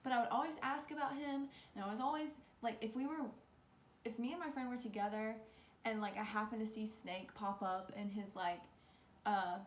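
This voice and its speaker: A woman's voice: fairly high pitch, brisk, a little hiss or hum. Chatty young woman with a rambling storytime. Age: young adult. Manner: rambling, lots of "like", animated. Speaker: vlogger. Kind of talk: casual storytime. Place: bedroom. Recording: echoey room with faint ambience.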